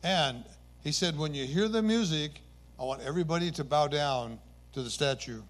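A man's voice: a little high, moderate pace. A man preaching a sermon, retelling scripture stories with earnest emphasis and occasional self-corrections.

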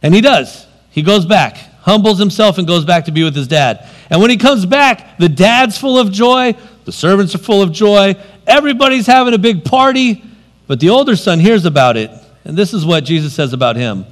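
A preacher man with a fairly high voice that leaps up and down in pitch. He moves from loud emphasis to quiet asides as he preaches. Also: animated, normal speed. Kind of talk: sermon.

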